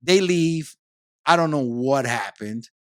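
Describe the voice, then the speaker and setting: Animated man telling a story. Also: medium pitch, slow pace, clear, resonant tone, no echo, clean studio sound. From Puerto Rico. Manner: animated storyteller, repeats words and phrases. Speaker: podcast guest. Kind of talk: casual conversation.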